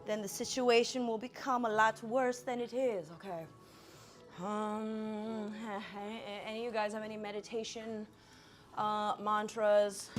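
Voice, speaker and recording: Woman, high voice, slow unhurried delivery, casual live-stream chat, flustered, swears, calms herself down.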